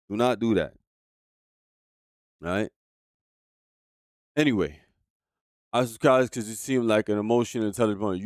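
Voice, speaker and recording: Heated, profane male streamer, low voice. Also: darkish tone, no echo, studio quality. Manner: profane, heated, talks straight to chat. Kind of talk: casual livestream commentary.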